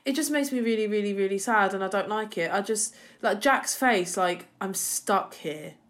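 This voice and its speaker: A woman co-hosting a podcast, chatting in an animated way and often repeating words. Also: mid-range voice, a little fast. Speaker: podcast co-host. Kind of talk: casual chat.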